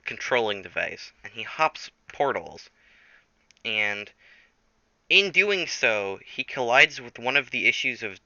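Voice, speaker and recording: A man improvising a silly story, rambling and correcting himself as he goes. His voice is bright and smooth, with animated pitch. The sound is dry and slightly lo-fi. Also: no room sound. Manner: rambling, self-correcting, lively. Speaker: storyteller host.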